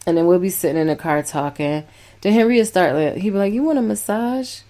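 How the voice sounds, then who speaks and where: A woman co-hosting a couple's podcast, telling her side with animated, emphatic storytelling. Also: on the low side, fast. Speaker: podcast co-host. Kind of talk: casual couple's podcast chat.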